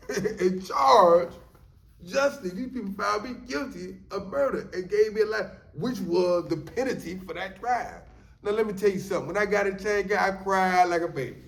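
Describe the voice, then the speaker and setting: Man, high-pitched, loose conversational storyteller; echoey room, off-mic. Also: creaky, recorded from a distance. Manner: loose conversational talk with frequent "you know what I'm saying". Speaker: storyteller sharing his prison experience. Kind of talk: casual storytelling monologue.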